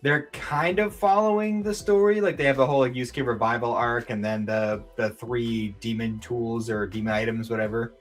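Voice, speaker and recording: A man's voice: mid-range voice, steady tone, moderate pace, few pauses. Chatty man co-hosting a podcast. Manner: chatty, rambling with many fillers. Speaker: podcast co-host. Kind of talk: casual chat.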